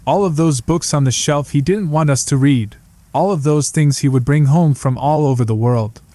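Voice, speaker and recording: A man's voice: fairly high pitch, normal speed, dark tone, natural voice. A man voicing an anxious young man who keeps pressing his brother with hesitant questions. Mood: uneasy.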